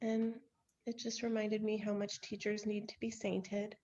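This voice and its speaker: A woman in her thirties co-hosts a casual podcast and tells stories candidly, poking fun at herself and sighing or laughing between phrases. Her voice sits at an everyday pitch and comes through a slightly dull, lo-fi video-call line. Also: monotone, a little slow, warm tone. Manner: candid, self-deprecating storyteller who laughs and sighs often. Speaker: podcast co-host. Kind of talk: casual chat.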